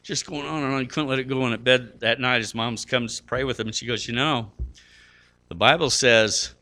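A man's voice: medium pitch, level tone, fast talker, vocal fry, sharp tone, slight background noise. A middle-aged man preaching a sermon, earnest and conversational, climbing to emphatic peaks with fillers and restarts. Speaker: pastor.

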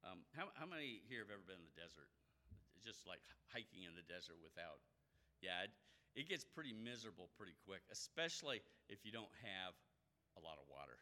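A man pastor giving a conversational sermon with animated storytelling. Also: deep voice, fairly quick.

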